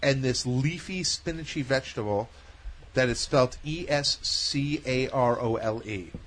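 A man bantering on a podcast, loud and mocking. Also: mid-range voice, measured pace. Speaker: podcast co-host. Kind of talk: casual banter.

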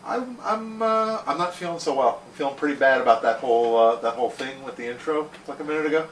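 A man's voice: mid-range voice, animated, fast talker, roomy sound, distant mic, slight background noise, poor audio. A man hosting a comedy podcast, playful and self-deprecating in his banter. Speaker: podcast host.

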